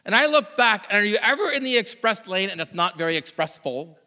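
A high, quick-talking man preaches, his voice bright and lively. He tells stories with animated mimicry as a long hall reverb trails each phrase. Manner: animated storytelling, mimics others. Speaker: pastor. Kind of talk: sermon with personal story.

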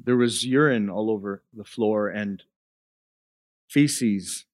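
A man preaching a sermon, moving from quiet storytelling into an impassioned climax. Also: on the low side, slow, no room sound, clean studio sound. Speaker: pastor.

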